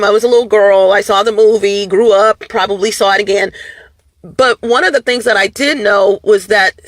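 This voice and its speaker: A woman's voice: mid-range voice, fairly bright tone, dry recording. A woman vlogger talking casually and animatedly to her viewers, her voice going up and down. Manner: many fillers and restarts, addresses viewers as "you guys".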